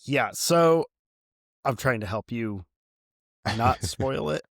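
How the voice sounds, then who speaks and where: A man's voice: medium pitch, slow pace, vocal fry, no echo. Chatty podcast guy, dry close sound. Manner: animated, laughs often, talks in long run-on thoughts. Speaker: podcast co-host. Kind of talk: casual chat.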